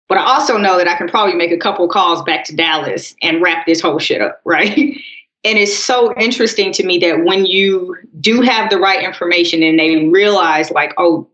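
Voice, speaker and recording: Casting: woman co-host, calm storyteller, echoey, slightly dull podcast audio. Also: fairly low pitch. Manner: calm, storytelling, addresses listeners as y'all. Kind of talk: casual political chat.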